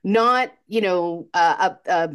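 A woman's voice: fairly low pitch, takes it slowly, fairly bright tone, clean tone. Chatty woman with lots of fillers. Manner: chatty, laughing, many fillers and restarts. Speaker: podcast co-host. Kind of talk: casual film chat.

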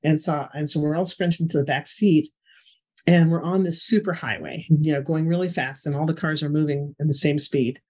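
A middle-aged woman, a guest in an interview, telling a personal story in an animated conversational way. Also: low voice, normal speed. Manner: animated storyteller, frequent "you know" fillers. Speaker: guest, remote viewing expert.

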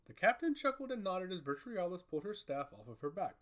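A man reads a fantasy story aloud in a storybook style. His voice sits a little high for a man and moves through a wide, animated range of pitch as he narrates. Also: a little fast.

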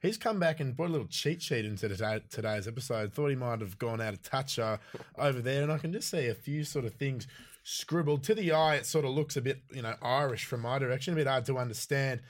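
A man's voice: medium pitch, quick pace. A man hosting a podcast in casual chat, rambling and joking with his co-hosts. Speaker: podcast host.

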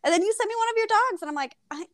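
Woman podcast co-host, high voice, animated and laughing, dry close sound. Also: very fast, no room sound. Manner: animated, laughing, swears casually. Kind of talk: casual book chat.

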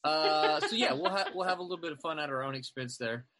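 A man hosting a casual online group chat, talking in a relaxed, rambling way with many fillers, over a computer mic on a video call. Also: on the high side, quick pace, background noise. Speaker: show host.

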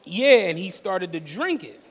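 A man co-hosting a live podcast, telling a profane, animated story and acting out the quotes. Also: sits high, a little slow. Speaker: podcast co-host. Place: live stage show in a studio venue. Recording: long hall reverb from a live venue.

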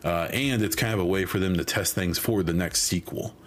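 A man with a very low voice talks through a solo podcast in loose, rambling chat, full of fillers and restarts. His voice is wearing thin as though he is losing it. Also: a little fast, a little hiss or hum. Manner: rambling, many ums and restarts. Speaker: podcast host. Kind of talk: casual solo podcast talk.

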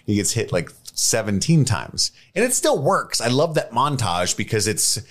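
A man's voice: medium pitch, normal speed. A man hosting a casual movie podcast, joking and teasing his co-hosts. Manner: joking, teasing, swings into animated bursts. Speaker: podcast host. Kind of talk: casual chat.

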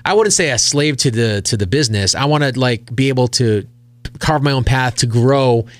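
A man's voice: medium pitch, moderate pace. A male radio host chatting casually as a guest, laid-back, with lots of fillers. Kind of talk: casual podcast chat.

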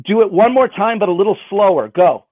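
A man's voice: high voice, expressive, a little fast, no room sound. A man performing magic for someone over a video call, with playful, self-mocking patter. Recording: dry, phone-like band.

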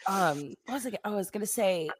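Woman, podcast co-host, earnest and explanatory, mid-pitched voice, dry close sound. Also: lively intonation, a little fast, slightly rough, no room sound. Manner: earnest, explaining, occasional swearing. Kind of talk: casual chat.

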